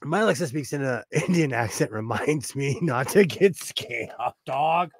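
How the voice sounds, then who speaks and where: A man's voice: mid-range voice, expressive, a little slow, creaky, breathy edge, no echo, clean studio sound. A man from the United States chatting casually, joking around and laughing a lot. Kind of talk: casual chat.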